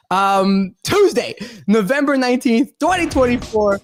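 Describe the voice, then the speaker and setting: A woman's voice: fairly high pitch, animated, slow pace, pauses often. A woman from Canada hosting a live online talk show in a slangy, giggly way, swearing freely. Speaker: host.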